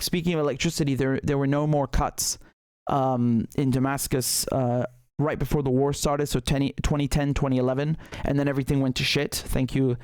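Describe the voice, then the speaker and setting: A man's voice: a little high, darkish tone, smooth, no room sound. A man hosting a live political commentary show who talks in a heated, indignant way, often repeating words and restarting sentences.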